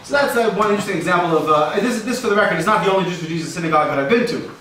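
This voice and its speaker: A man's voice: high-pitched, very fast, recorded from a distance, background noise. A man performing a rambling stand-up set for a live audience, joking and sprinkling in Yiddish and Hebrew terms. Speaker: stand-up comedian. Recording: echoey room recorded from afar.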